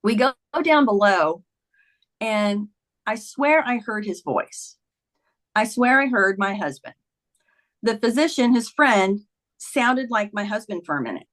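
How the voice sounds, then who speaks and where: A woman's voice: mid-range voice, lively intonation, unhurried, long pauses, a bit bright. Earnest woman retelling a personal story. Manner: vivid retelling that acts out quoted dialogue. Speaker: guest, author.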